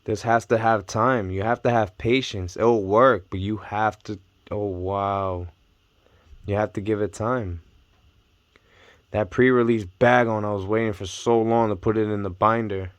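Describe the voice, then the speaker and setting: A young man vlogging casually about his card collection, talking in excitable bursts and repeating his amazement. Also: fairly low pitch, a little slow, no room sound. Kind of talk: casual unboxing chat.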